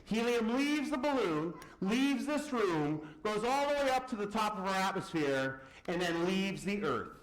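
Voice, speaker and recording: A man's voice: sits high, measured pace, hardly any pauses. A man giving a live physics demonstration lecture, firing questions at the audience and answering them himself. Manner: lively, quizzes the audience and answers his own questions. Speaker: science lecturer. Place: large lecture hall. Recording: echoey lecture hall.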